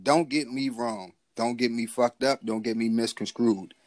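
A man in his thirties, a podcast co-host telling stories in casual chat, talking in an animated, profane way. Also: medium pitch, normal speed, dry recording. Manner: profane, animated, acts out quotes in the story.

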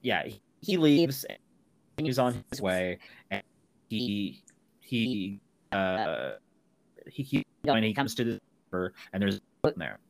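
A podcast co-host casually retells a film's plot, acting out characters' lines in a raised voice. He's fairly low-pitched, creaky and very animated, taking it slowly with frequent pauses.

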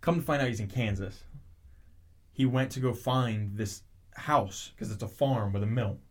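This man speaks at medium pitch and a moderate pace while chatting casually about a show. He recounts its plot animatedly, wandering off on tangents and frequently starting over.

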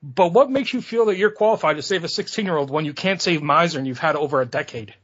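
A man hosts a podcast in crude, teasing casual chat, his speech thick with swearing. His voice sits a bit high and sounds husky, and the audio is muffled and lo-fi. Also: quick pace, fairly bright tone. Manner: profane, teasing, rambling. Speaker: podcast host.

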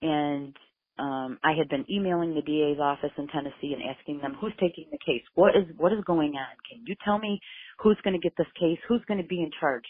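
A woman's voice: sits low, brisk, husky, no echo. A mother recounting her search for her missing son in an interview, intense and emotional as she quotes what everyone said. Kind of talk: telling her story in an interview. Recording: phone-like narrow sound.

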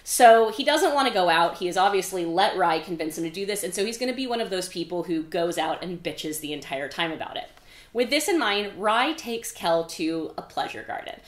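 Chatty, low-voiced woman recapping a book. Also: animated, fairly quick. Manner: chatty, swears casually, lots of "like". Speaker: podcast host. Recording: echoey room.

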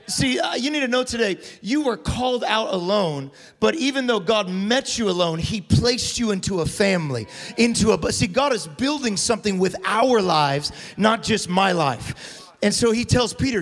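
A male pastor preaching a sermon with call-and-response, building up to shouts. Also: sits high, lively intonation, normal speed. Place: large church hall. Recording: long hall reverb.

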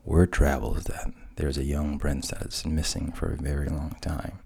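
Very deep gravelly man telling a fairy tale. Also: little pitch movement, moderate pace, darkish tone. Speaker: storyteller.

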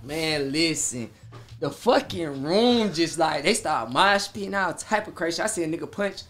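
A young man, a performing artist, telling stories in a casual interview chat, animated and profane, acting out his own reactions. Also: a little high, fairly quick, faint music behind.

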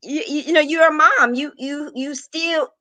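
A woman's voice: sits high, steady tone, moderate pace, pushed and bright, no room sound, poor audio. A middle-aged woman, a business coach, talking animatedly in a casual interview, laughing often and repeating words.

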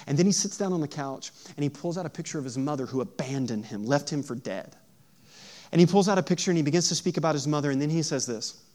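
Pastor preaching, somewhat high voice. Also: male voice, moderate pace. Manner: swings from hushed storytelling to loud emphatic preaching; asks the audience questions. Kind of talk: sermon.

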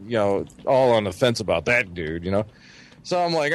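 A man's voice: mid-range voice, normal speed. A man telling a dating story to friends in a casual podcast chat, profane and laughing as he goes. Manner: animated, profane, laughing as he tells it. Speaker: podcast co-host.

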